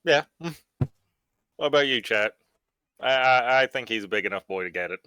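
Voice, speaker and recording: An American man joins a live stream as sidekick, trading teasing remarks in a bright, forceful voice. His voice sounds close and dry. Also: medium pitch, expressive, moderate pace, clear, resonant tone, dry recording. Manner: teasing, playful. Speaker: co-host helping on stream. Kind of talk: casual live-stream banter.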